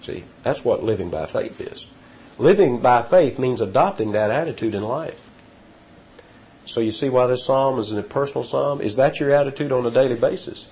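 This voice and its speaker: A man preaching an expository sermon, teaching deliberately and stressing key words slowly, sometimes restarting a phrase. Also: mid-range voice, darkish tone, breathy edge. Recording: dull lo-fi sermon recording.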